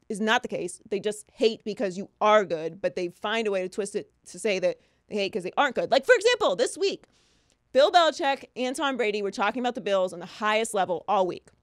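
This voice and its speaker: A woman's voice: medium pitch, no room sound, studio quality. A woman co-hosting a sports podcast, talking in a casual, opinionated and sarcastic way. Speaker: podcast co-host.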